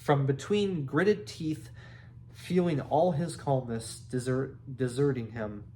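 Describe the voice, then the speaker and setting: A man reading a children's book aloud, unhurried, with restarts and small asides. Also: mid-range voice, dark tone, a little hiss or hum. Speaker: reader.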